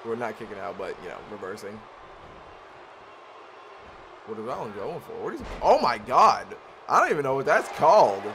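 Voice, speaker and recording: A man calls a wrestling video game match play-by-play at middle pitch, excitable and quick to shout when a big move lands. A clear layer of noise runs under the home recording.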